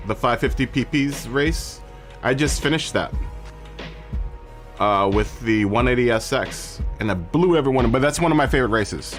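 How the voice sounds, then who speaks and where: A man hosting a casual live gaming stream, chatting in a rambling way, correcting himself and laughing often. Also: medium pitch.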